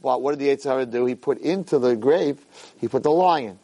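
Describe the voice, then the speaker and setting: A man, a rabbi, teaching a Torah class to a room of listeners, reading Hebrew source lines and translating them with lively asides. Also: medium pitch, a little fast. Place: room with a live audience.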